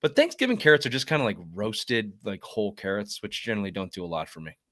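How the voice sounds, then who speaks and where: Low, bright-voiced joking Boston man. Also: quick pace, a little hiss or hum. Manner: profane, joking, animated storytelling. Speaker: podcast co-host. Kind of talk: casual sports chat.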